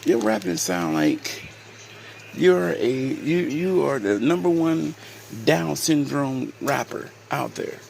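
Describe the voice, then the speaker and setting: A man's voice: a little high, expressive, creaky, darkish tone, slight background noise. A man in a taunting roast rant, dragging his words out. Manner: taunting, drawn-out. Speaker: vlogger.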